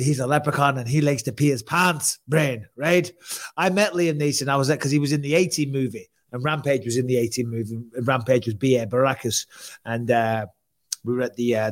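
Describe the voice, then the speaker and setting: A man hosting a loose podcast chat, joking and rambling from one story to the next. His voice sits at an ordinary middle pitch. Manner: chatty, jokey, rambling. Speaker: podcast host. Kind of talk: casual chat.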